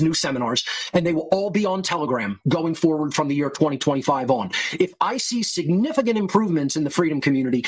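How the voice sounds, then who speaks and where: A husky, somewhat high-pitched man rails at his podcast audience. He lectures with open contempt and throws in insults and swearing, in the manner of a heated monologue. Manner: insulting with profanity. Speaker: podcast host.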